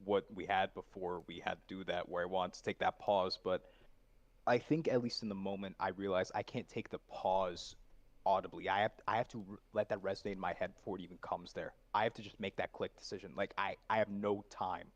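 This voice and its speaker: A man's voice: deep voice, steady tone, brisk. A man in a voice acting coaching session, thinking aloud about his performance. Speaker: voice acting student. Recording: dull lo-fi sound.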